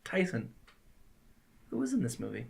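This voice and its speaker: A podcast host opening a casual movie review chat, jokey and quick with asides. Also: mid-range voice, huge pitch swings, vocal fry, a little mellow.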